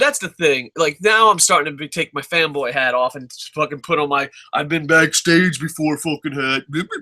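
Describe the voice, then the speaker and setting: A young man hosting a wrestling Q&A show, ranting in a profane, comedic way and putting on mocking voices. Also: medium pitch. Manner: animated, swears constantly, mocking put-on voices.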